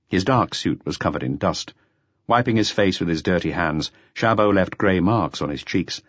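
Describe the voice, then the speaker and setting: A man narrating a mystery audiobook in a measured, expressive storytelling manner. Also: low-pitched, no room sound. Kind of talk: scripted narration. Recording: slightly dull lo-fi audiobook recording.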